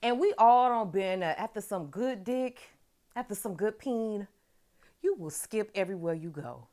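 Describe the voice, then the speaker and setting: A woman hosting a casual TV episode recap, animated and chatty and swearing freely. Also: mid-range voice, moderate pace. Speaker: host of a TV recap show.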